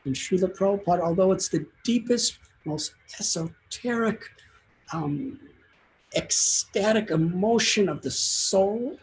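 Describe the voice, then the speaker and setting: Slow, earnest man giving a sermon. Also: high-pitched, a little hiss or hum, poor audio. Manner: earnest storytelling, deliberate and heartfelt. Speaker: spiritual teacher giving a talk. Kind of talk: devotional sermon.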